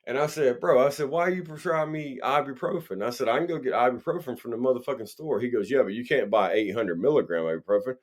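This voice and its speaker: Speaking quickly with few breaks, this man has a mid-range voice. As a podcast co-host in a laid-back storytelling chat, he's lively and profane, performing the lines of the people in his tales.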